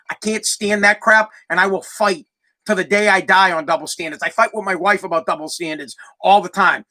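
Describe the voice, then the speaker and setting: A man's voice: sits high, fairly even intonation, brisk, pushed and bright. A man hosting a podcast, ranting bluntly and combatively and repeating himself for emphasis. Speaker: podcast host. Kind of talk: opinionated podcast rant.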